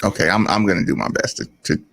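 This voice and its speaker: Gravelly-voiced man co-hosting sports talk. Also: deep voice, quick pace, no echo. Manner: storytelling, animated, self-deprecating. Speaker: radio show co-host. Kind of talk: casual sports talk banter.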